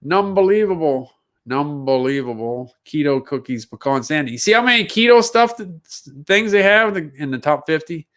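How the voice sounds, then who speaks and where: Guy on a livestream reading off product listings and musing to himself, voice a bit on the high side. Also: animated, fairly quick, few pauses, fairly bright tone. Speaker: livestream seller host. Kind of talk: casual solo livestream commentary.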